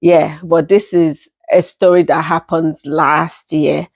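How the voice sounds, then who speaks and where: A young woman with a Nigerian accent telling a personal story in an unhurried, casual way, often repeating herself as she goes. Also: sits low, little pitch movement, gravelly, darkish tone, no room sound. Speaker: storytelling vlogger.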